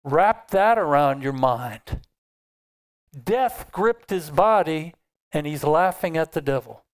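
Slow, clear-voiced preacher man. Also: on the high side, animated. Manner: asks the congregation questions and answers them; unhurried and emphatic, with filler restarts. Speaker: pastor. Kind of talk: sermon.

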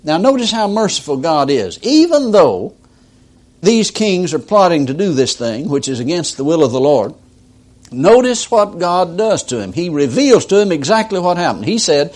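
A man's voice: a little high, big pitch swings, normal speed, a little mellow. A male preacher giving a sermon, reading scripture aloud and stopping to explain it with emphatic inflection.

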